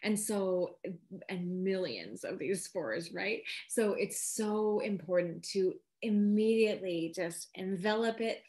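A woman's voice: mid-range voice, expressive, slow, a little mellow. A woman giving a casual, enthusiastic gardening lesson, chatty and full of asides. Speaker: seed company gardening educator.

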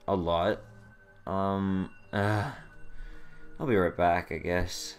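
A young man talking over his gameplay in a deep, unhurried voice. He sounds fed up and sarcastic, grumbling and cursing at a stubborn puzzle, with faint music playing underneath. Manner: exasperated, sarcastic, swears at the game. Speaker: let's play commentator. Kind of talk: casual gameplay commentary.

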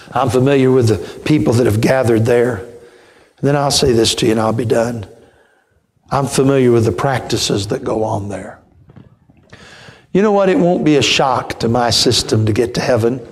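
A man preaching a church sermon as an evangelist, telling folksy stories that swell into shouted praise. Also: medium pitch.

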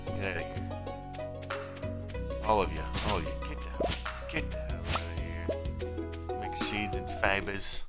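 A man streaming a game, giving casual commentary and muttering to himself, his volume drifting between quiet and loud. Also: low voice, a little slow, long pauses. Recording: game music playing behind.

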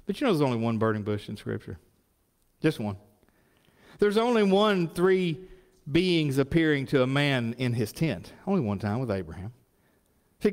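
A middle-aged man preaching a sermon as pastor, folksy and animated, often asking the congregation questions. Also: on the high side, long reverb tail.

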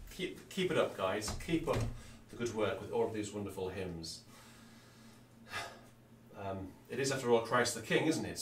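A man's voice: on the low side, far from the mic, slight background noise. A man chats enthusiastically as the organist hosting a livestream, with filler words between his thoughts. The sound is roomy and comes from a mic set some way off. Faint room ambience sits behind him. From Derbyshire, England. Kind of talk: casual chat on a livestream.

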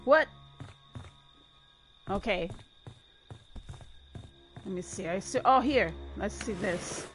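A woman giving chatty, excitable gameplay commentary and laughing often. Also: medium pitch, slow pace, pauses often, music in the background. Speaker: gamer.

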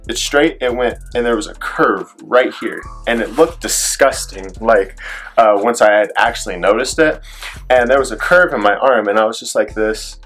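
A man's voice: medium pitch, fairly bright tone. A young man telling a personal story in a vlog, rambling with lots of filler words and acting out what people said. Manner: rambling retelling, heavy on filler "like"; acts out quoted voices in his story. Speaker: vlogger.

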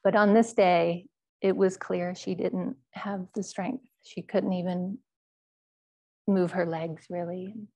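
A woman Zen teacher telling a personal story in a dharma talk, speaking in a quiet, measured, halting way. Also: lowish voice, fairly even intonation.

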